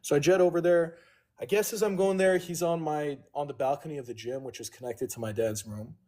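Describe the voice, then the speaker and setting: A man's voice: fairly high pitch, steady tone, brisk, a little mellow. A man on a livestream casually telling a long, profane story and owning his mistakes. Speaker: livestream host.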